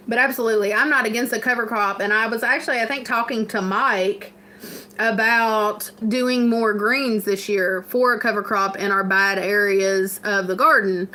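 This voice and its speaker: A woman's voice: on the high side, pushed and bright. A woman with a Kentucky accent hosting a farm livestream, chatting casually with viewers, laughing often and rambling through plenty of fillers. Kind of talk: casual live chat answering viewers.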